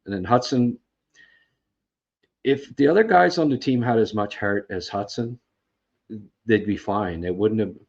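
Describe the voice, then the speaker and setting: Low-voiced man ranting on a lo-fi stream. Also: a little slow, vocal fry, pauses often, a little mellow, slightly rough. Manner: frustrated, rambling with fillers and restarts. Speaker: podcast host. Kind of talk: casual livestream game recap. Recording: dull lo-fi sound.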